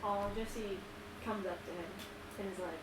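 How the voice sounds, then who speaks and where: A woman playing in a tabletop game, telling what her character does in a giggly, animated way. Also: mid-range voice, measured pace. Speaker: player. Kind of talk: tabletop role-play chat. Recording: distant echoey mic with noise.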